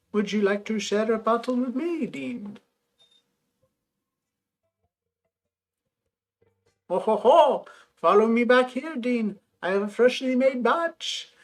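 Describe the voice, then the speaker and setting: A woman's voice: on the high side, expressive, measured pace, soft background music, voice pushed up. A woman voicing a cheery middle-aged male shopkeeper in a hammy mock French accent. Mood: jolly.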